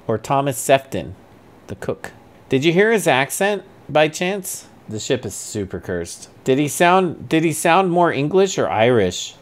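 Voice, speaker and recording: Puzzled man streaming a mystery game. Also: mid-range voice. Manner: thinks aloud, puzzles over clues, bursts into startled exclamations. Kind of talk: casual gameplay commentary. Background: faint music.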